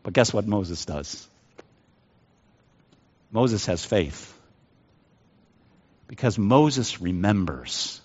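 A male pastor delivers a dramatic sermon, his voice rising and falling in lively swings of pitch. He moves between loud, pressing lines and quiet, hushed ones. The sound is dull and slightly muffled, and it rings out in a church sanctuary with a long reverb. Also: extremely slow, pauses often, husky.

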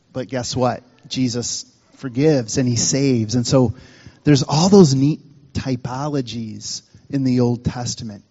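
A man's voice: medium pitch, a little mellow, in a large hall, dull audio. A man preaching in a casual, joking way. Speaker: pastor. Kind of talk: sermon.

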